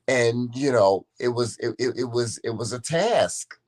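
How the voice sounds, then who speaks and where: A man's voice: medium pitch, normal speed, hardly any pauses. A man co-hosting a casual podcast, talking earnestly and often restarting his sentences. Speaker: co-host.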